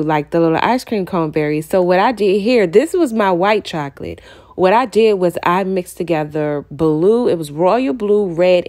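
A woman with a lowish voice narrates her own baking tutorial as a casual, chatty voice-over, speaking directly to viewers and growing excited.

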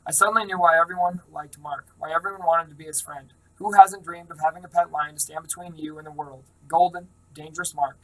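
A man reading a first-person novel aloud in a steady, plain manner, with small slips. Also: fairly high pitch, brisk, few pauses, far from the mic, rough recording. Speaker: reader.

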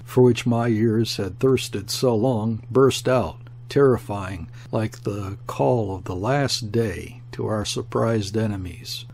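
A man reading a classic novel aloud in a measured, deliberate audiobook narration. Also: fairly low pitch, vocal fry, a little mellow, a little hiss or hum.

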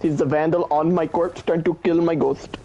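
A man's voice: on the high side, steady tone, moderate pace, lo-fi sound, a loud crowd. A young man streaming a game, teasing his friend and calling out game terms in casual chat.

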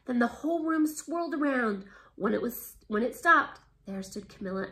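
A woman art teacher reading a picture book aloud with expressive, animated storytelling, then explaining a class project. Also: fairly high pitch, moderate pace.

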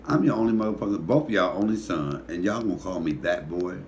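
A man's voice: low voice, a little fast, slight background noise. A middle-aged man with a Detroit accent, a comedian hosting his cooking show, rambling sleepily with profane comic stories. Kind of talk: casual talk to camera.

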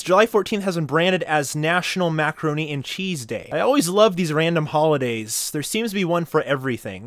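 Animated, wisecracking man reading food trivia. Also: a little high, dry recording, studio quality. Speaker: video host. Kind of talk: reading articles aloud with joking commentary.

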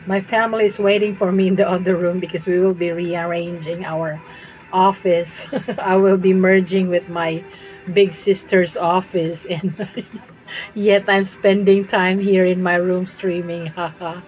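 A woman's voice: on the low side, little pitch movement, measured pace, darkish tone, soft background music, low-quality recording. A woman streaming a game from her room at home, chatting with viewers and laughing often. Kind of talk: live gameplay stream chat.

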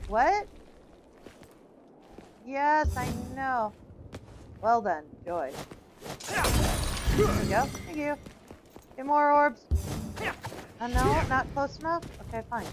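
A woman hosting a let's play, giving loud commentary full of exclamations and frustrated swearing. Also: high-pitched, sing-song, slow, pauses often, very noisy. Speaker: gaming channel host. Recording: game music under the voice. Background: game music.

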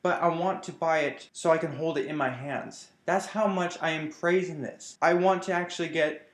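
A man's voice: a little high, fairly even intonation, normal speed, echoey room. A man giving a casual vlog review in an enthusiastic, rambling way. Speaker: comic book reviewer.

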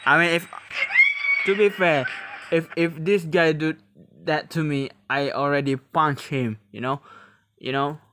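A man hosting a reaction video, talking casually in halting English, often laughing and exclaiming. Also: a little high, fairly even intonation, fairly bright tone.

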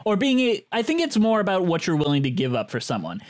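A man's voice: sits high, wildly swooping pitch, fast. A man co-hosting a casual podcast about musicals, asking probing questions and talking enthusiastically. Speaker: podcast co-host.

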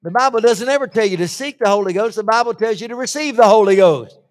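A man preaching a sermon, swinging from hushed asides to shouted lists and acting out the voices he quotes. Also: sits high, fast. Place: church hall. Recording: long church-hall reverb.

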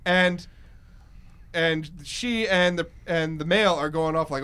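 A man hosting a casual podcast chat, an excitable storyteller who laughs often. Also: high-pitched, measured pace, clean tone. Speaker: host.

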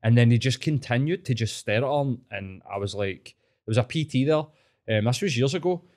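A man with a Glaswegian Scottish accent hosting a podcast, telling stories in a sweary, animated way. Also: medium pitch, brisk. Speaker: podcast host. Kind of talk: casual chat.

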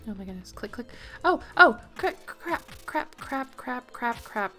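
A woman's voice: on the high side, expressive, measured pace, sharp tone, faint music behind. A young woman giving let's play commentary, reading game text aloud and reacting with worried exclamations. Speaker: gaming video host.

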